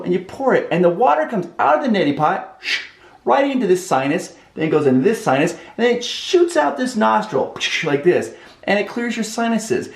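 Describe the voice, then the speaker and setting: A man hosting a vlog, telling a comedic story in an animated, expressive way. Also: on the high side. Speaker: vlog host. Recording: echoey room.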